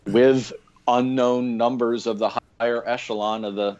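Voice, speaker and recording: Here a podcast guest with a medium-pitched, slightly mellow voice talks at normal speed and fairly even intonation. He loosely recounts his time as a historic fort coordinator and EMT, laughing and using lots of fillers, in a casual interview recorded on dull lo-fi remote audio.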